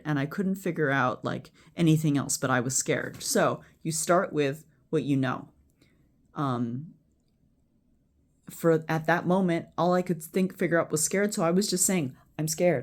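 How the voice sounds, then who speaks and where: A healthcare worker casually teaching a friend a calming technique, rambling with restarts and chant-like repeated phrases, sometimes swearing bluntly. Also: medium pitch. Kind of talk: casual spoken instruction. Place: at home before bed.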